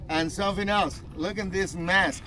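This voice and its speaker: A man's voice: high voice, normal speed. A man guiding a group outdoors, explaining things to visitors. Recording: distant voice with crowd noise.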